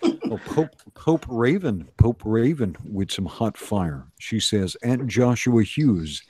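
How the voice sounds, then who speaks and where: Low, slow-talking male stream host. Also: sing-song, a little mellow, a little hiss or hum. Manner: laid-back, reads messages aloud. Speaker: livestream co-host reading fan messages. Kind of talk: casual chat.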